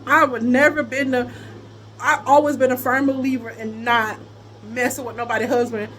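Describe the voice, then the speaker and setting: Animated high-voiced woman telling a story. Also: a little hiss or hum. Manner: animated, laughs often, breaks into high laughing squeals. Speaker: vlogger telling a personal story. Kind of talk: casual storytelling chat.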